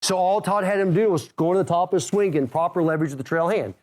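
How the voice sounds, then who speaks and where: A middle-aged man coaching golfers in an energetic, direct way. He talks quickly, pushes his listeners, and checks in with "okay?" again and again. His voice sits high for a man. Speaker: golf instructor and podcast host.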